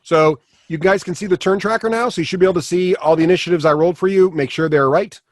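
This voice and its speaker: A man's voice: sits high, fast talker, no room sound. A man running a tabletop game as game master, rambling with many fillers and restarts.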